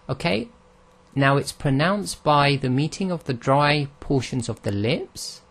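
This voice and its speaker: A man of middle pitch gives a recorded lesson on how Arabic letters are pronounced. He explains patiently, step by step, and models each sound aloud for his listeners to copy. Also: lively intonation, unhurried, fairly bright tone. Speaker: Arabic pronunciation teacher.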